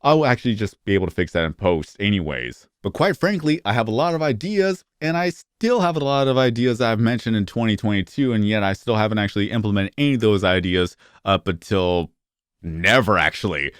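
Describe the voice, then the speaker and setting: A man's voice: on the low side, lively intonation, fairly quick, clean tone, dry recording, clean studio sound. A man in his thirties talking to his phone camera in a casual vlog, rambling and often restarting or stuttering. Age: 30s. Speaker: YouTuber.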